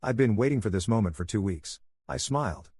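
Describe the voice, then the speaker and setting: A man calmly narrating a first-person story in a soothing, even voice for listeners to fall asleep to. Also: fairly low pitch, fairly quick, breathy edge, no echo.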